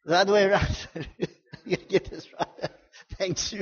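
A male preacher with a husky, slightly high voice delivers a fervent sermon, building repeated refrains and swinging from loud declarations to hushed intensity. His voice rings with a long church reverb on a dull, muffled recording. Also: fairly even intonation, unhurried, pauses often. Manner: repetitive, builds lists and refrains.

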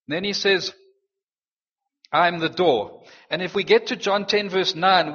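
A man preaching a sermon, slowing down and rising on key phrases for emphasis. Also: on the high side, fairly bright tone, breathy edge. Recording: dull sound in a long-reverb hall.

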